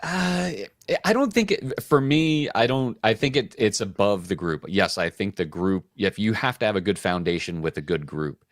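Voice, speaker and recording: Deep-voiced man telling rambling stories. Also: expressive, normal speed, no room sound, studio quality. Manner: rambling storyteller, acts out quoted dialogue. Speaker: co-host of a board game call-in show. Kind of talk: casual chat.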